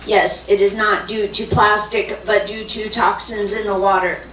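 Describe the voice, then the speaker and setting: A woman doing a live comedy puppet act, giving deadpan introductions on a comedy club stage. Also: mid-range voice, measured pace. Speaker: puppeteer comic. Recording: echoey club, far mic, loud noise.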